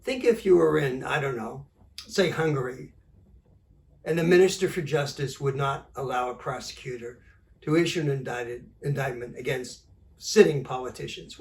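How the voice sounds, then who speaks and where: An older man, a journalist, telling an animated anecdote and acting out the dialogue. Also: medium pitch, normal speed, vocal fry, distant mic, slight background noise. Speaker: journalist and author. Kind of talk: storytelling talk.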